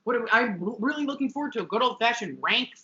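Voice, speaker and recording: A woman's voice: fairly high pitch, animated, fast, sharp tone, highs cut off. A woman co-hosting a podcast, chatting casually and sarcastically as she recaps a sitcom, swearing freely. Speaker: podcast co-host.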